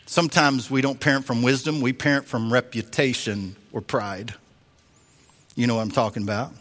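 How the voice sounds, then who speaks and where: A man preaching a sermon as a pastor, telling a story in an animated way and acting out the voices he quotes. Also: medium pitch, normal speed. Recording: long reverb of a large hall.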